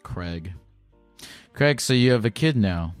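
A male host with a fairly low voice, joking crudely with his callers. The sound is dry and close, with faint music underneath. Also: lively intonation, slow pace, smooth, no room sound. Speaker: call-in show host. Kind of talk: casual call-in chat.

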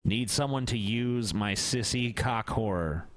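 A man's voice: lowish voice, measured pace, background noise. A man co-hosting a podcast, reading out crude ads in a mocking way and laughing. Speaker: podcast co-host. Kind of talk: casual crude podcast banter.

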